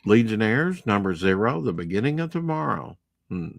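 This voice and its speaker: A man's voice: fairly low pitch, big pitch swings, normal speed, gravelly. A man giving casual, rambling commentary while unboxing comic books, with chatty, opinionated asides. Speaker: comic book vlogger.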